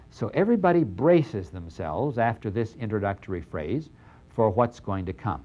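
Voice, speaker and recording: An older man giving a lecture on scripture, animated and acting out the dialogue in dramatic voices. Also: fairly low pitch, moderate pace. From Middle East. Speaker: lecturer on the New Testament. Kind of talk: university-style lecture.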